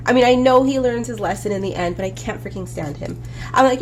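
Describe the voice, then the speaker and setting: A woman's voice: fairly high pitch, fast talker, slight background noise. A congested woman hosting a coloring video, chatting casually in a playful, rambling way with plenty of swearing. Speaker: coloring book artist and host. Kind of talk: casual chat while coloring.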